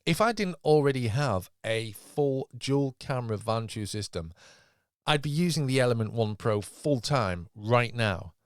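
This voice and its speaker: A man's voice: mid-range voice, unhurried, no room sound. Man's dry scripted voice-over. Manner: smooth, even delivery of a written script. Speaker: tech reviewer.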